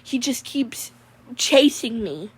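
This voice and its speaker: A woman's voice: a little high, lively intonation, slow, slightly rough. A woman telling a rambling comic dream story, peppering it with 'Mon'. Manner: rambling, says 'Mon' constantly. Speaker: comedy character storyteller.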